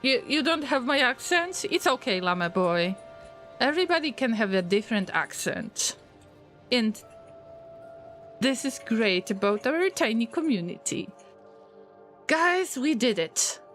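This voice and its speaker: A woman's voice: a little high, big pitch swings, measured pace, long pauses, a bit bright, soft background music. A woman streaming a game and chatting with her viewers in English, which is not her first language. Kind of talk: casual livestream chat while gaming.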